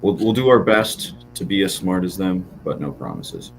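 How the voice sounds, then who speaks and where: A man with a very deep voice co-hosts a laid-back fantasy football chat. He rambles a little, cracks dry jokes and fills pauses with ums. Faint music plays in the background. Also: creaky, rough recording. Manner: relaxed, joking, lots of fillers. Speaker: podcast co-host. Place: podcast studio.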